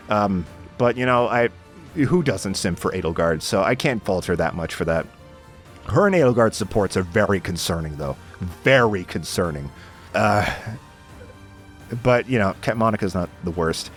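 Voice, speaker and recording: Young man, casual game rant, sarcastic, swears a lot, very animated pitch. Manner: exasperated, sarcastic, swears often. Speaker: video game commentator. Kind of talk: casual ranting commentary.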